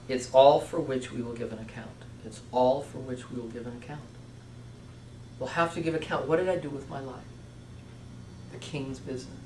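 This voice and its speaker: A man's voice: a little high, slight background noise. A man giving a sermon-style lecture on vocation, stressing points through repeated lists and restarting his phrases. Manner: repetitive, emphatic listing with self-restarts. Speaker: teacher speaking on Christian vocation. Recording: echoey room, voice from far off.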